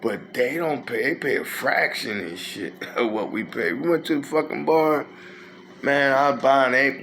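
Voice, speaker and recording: Gravelly Philly man in his fifties. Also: mid-range voice, moderate pace, a bit bright, slight background noise. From North Philadelphia. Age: 50s. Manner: profane, rambling street storytelling with quoted voices. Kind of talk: casual storytelling.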